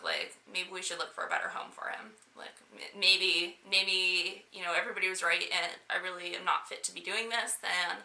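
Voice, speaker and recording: A woman's voice: on the low side, gravelly, sharp tone. A young woman vlogger telling a personal story to camera in a chatty, casual way, laughing often between fillers. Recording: echoey room.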